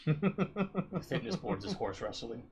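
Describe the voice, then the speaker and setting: A man cracking jokes as co-host of a relaxed chat show. His pitch stays in a middle range. Faint noise hums behind his voice. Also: takes it slowly. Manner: joking, wisecracking. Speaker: podcast co-host. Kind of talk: casual chat.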